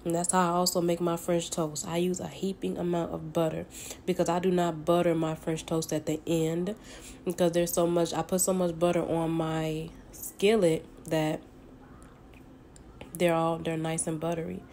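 A Southern woman with a fairly low voice, talking her viewers through breakfast at her own stove. Her chat is folksy and loose, peppered with endearments, and a faint hum of household ambience sits behind her. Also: a little mellow. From Southern United States. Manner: folksy and chatty, calls viewers honey and baby. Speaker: home cook. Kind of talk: casual cooking tutorial chat. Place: home kitchen at the stove.

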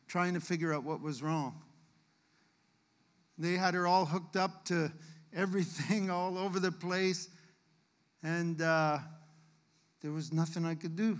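A man's voice: sits high, a bit bright, long reverb tail. A man giving an earnest, emotional testimony as a guest speaker in a church service, telling his story to the congregation. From Canada. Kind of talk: sermon testimony. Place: church sanctuary.

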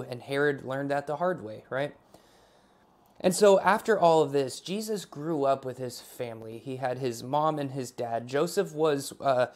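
A man preaching an online sermon in a casual, conversational way, opening with a spoken prayer. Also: medium pitch. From Alaska. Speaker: pastor.

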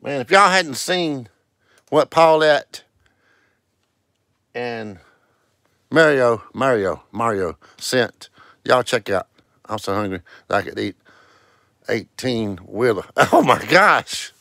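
A man's voice: mid-range voice, slow pace, creaky, long pauses, a bit bright, no room sound, clean studio sound. A man hosting a casual live stream, greeting viewers one by one in a sing-song way and calling out scratch-ticket numbers. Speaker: livestream host.

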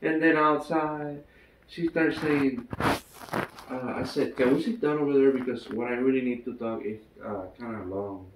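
A man's voice: mid-range voice, fairly even intonation, unhurried, background noise. A man with a Filipino accent casually telling a long story, acting out the quotes and laughing often. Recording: echoey room, mic at a distance, faint ambience.

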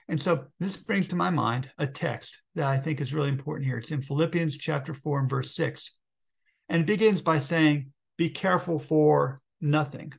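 A man's voice: a little high, moderate pace, gravelly, faint music behind. A middle-aged man preaching a sermon as a pastor. He talks earnestly, calls his listeners friends and often stops to restart a word.

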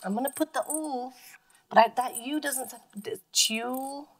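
A woman's voice: sits high, moderate pace, noisy background. A woman teacher giving a phonics lesson to young children, patiently sounding words out letter by letter.

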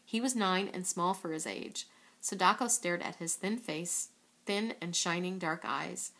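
A woman's voice: lowish voice, a little slow. Woman reading a children's book aloud. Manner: steady, with occasional slips and self-corrections. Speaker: reader.

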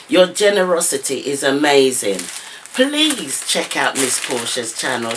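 A woman's voice: sits low, background noise. Gushing, exclaiming woman crafter. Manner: gushing, excitable, repeated exclamations. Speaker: craft vlogger. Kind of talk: unboxing vlog. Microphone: camera mic.

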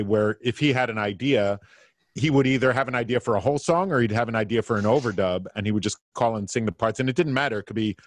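Low-voiced man with a dry, close sound. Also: no room sound. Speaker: music producer panelist. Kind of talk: podcast panel conversation.

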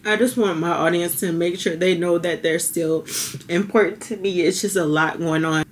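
Young female vlogger, low-pitched, heartfelt and chatty, slightly emotional. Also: fairly even intonation, unhurried, a little hiss or hum. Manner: heartfelt, chatty, says y'all. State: a little teary. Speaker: beauty vlogger. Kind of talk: casual vlog talk to camera.

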